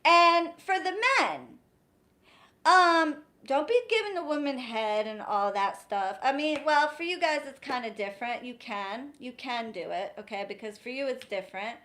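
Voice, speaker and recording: Brief: woman live-streamer, slightly high voice, blunt and exasperated, swears freely. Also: normal speed, pushed and bright. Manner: blunt, profane, exasperated, addresses viewers directly. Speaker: spiritual practitioner giving advice on a live stream. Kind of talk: casual live-stream talk.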